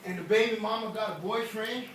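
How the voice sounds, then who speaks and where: A middle-aged man preaching in church with emotional force, swinging from hushed asides to shouting. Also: sits high, brisk. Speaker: pastor. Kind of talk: energetic sermon. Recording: echoey hall from far off, noisy.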